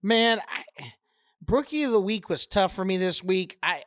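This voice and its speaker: A man co-hosting a casual sports podcast, animated and swearing freely. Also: sits high, measured pace, clear, resonant tone, no room sound, studio quality. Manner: animated, retells stories in other voices, swears. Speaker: podcast co-host.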